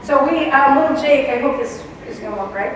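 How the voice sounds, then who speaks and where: A woman's voice: sits high, a little fast, distant mic. Chatty woman presenting in an echoey hall. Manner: chatty, laughing asides. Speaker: teacher librarian presenting. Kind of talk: conference presentation.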